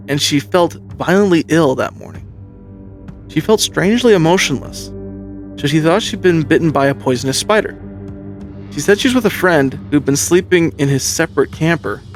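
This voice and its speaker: His voice runs a little high as this podcast host spins a spooky true story, loose and energetic, pausing to ramp up the tension.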